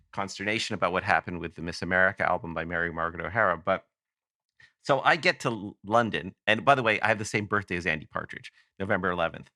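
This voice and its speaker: A man from Canada with a low, bright, forceful voice, spinning a rambling podcast anecdote and stopping often to correct himself. The sound is close and dry, with no room around it. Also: no room sound. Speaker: guest author. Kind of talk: casual podcast storytelling.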